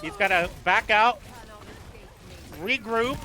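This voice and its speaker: A man with a New York accent casting a live esports match, joking and excitable, often stammering into his sentences. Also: high voice, slow pace. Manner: excitable, jokey, stammering restarts. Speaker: esports caster.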